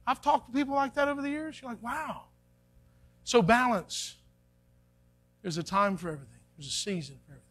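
A pastor with a very high, husky, fairly bright voice preaches briskly but with long pauses, keeping a folksy, conversational tone and acting out little quotes for his congregation. This church live stream from the sanctuary carries faint music in the background.

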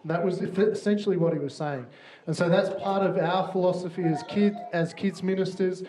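Upbeat kids' minister, man, slightly high voice, roomy church hall with faint noise. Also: fairly even intonation, normal speed, mellow. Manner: upbeat, checks in with frequent "yeah?". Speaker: children's minister. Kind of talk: church talk to parents and children.

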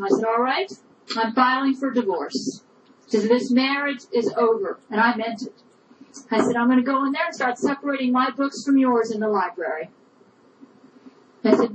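A woman's voice: fairly high pitch, moderate pace, a little hiss or hum, rough recording. A woman telling a personal story with indignation, often repeating "I said" as she recounts arguments. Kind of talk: personal testimony.

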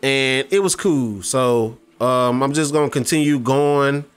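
In a smooth, mid-range voice at a measured pace, a man offers casual commentary on his gameplay. As a gaming YouTuber, he rambles, stumbles into restarts and fillers, and talks directly to the people watching.

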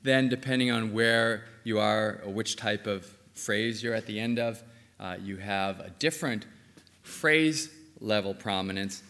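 A man's voice: on the low side, bright, forceful tone. A man giving an academic conference talk on linguistics, explaining step by step with frequent ums and uhs. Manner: explanatory, frequent ums and uhs, says okay between points. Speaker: linguistics lecturer. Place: lecture hall. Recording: reverberant hall.

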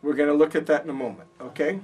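A man's voice: on the high side, fairly even intonation, rapid-fire, darkish tone, slightly rough. A man teaching a Bible college class, explaining patiently and checking in with his students, recorded in a classroom from a distance. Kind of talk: classroom lecture. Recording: voice from far off.

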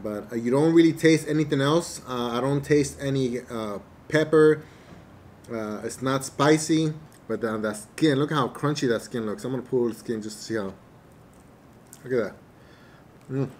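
A man doing a casual eating review to camera, relaxed and hesitant, with many fillers and chewing pauses, a little away from the mic. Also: mid-range voice, a little hiss or hum. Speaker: mukbang vlogger. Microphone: camera mic at table distance.

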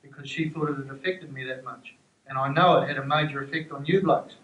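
A man's voice: medium pitch, steady tone, fast, a bit bright, dull audio. A man, a former teammate speaking earnestly and ruefully to a group. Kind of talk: speech to a group. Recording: echoey room.

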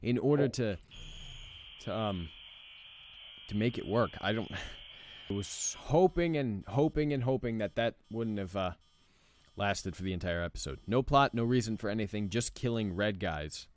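A man's voice: lowish voice, expressive, moderate pace, long pauses. A young man giving let's play commentary as he plays, frustrated, swearing and repeating himself. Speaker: gaming channel host.

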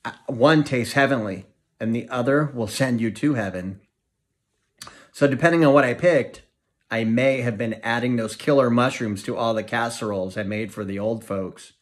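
A man's voice: medium pitch, moderate pace, lightly acted. A man voicing an anxious, emotional middle-aged mother in an audiobook reading. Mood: distraught. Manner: anxious, emotional, prone to dramatics. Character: fretful thrifty small-town mother, middle-aged woman.

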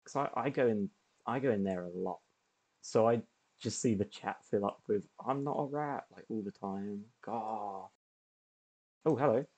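A man's voice: lowish voice, unhurried, long pauses, a little mellow. A man streaming a video game, chatting casually and laughing often as he plays. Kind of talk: casual gameplay commentary.

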